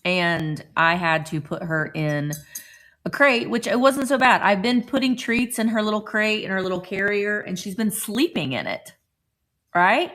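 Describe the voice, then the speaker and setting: A woman's voice: mid-range voice, lively intonation, measured pace, a bit bright. A middle-aged woman casually chatting on a morning live stream from home, greeting viewers by name as she talks. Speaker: vlogger hosting a live stream.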